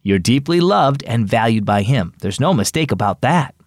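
A man's voice: medium pitch, moderate pace, no room sound, studio quality. A man playing Mister Radcliffe, a kind old neighbor. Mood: comforting. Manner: warm, steady, comforting. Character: kind older male neighbor, calm and firm.

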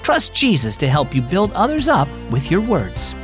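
Expressive man narrating for kids. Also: high voice, normal speed, music in the background. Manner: friendly, expressive storytelling. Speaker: host and narrator. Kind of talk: scripted narration for children.

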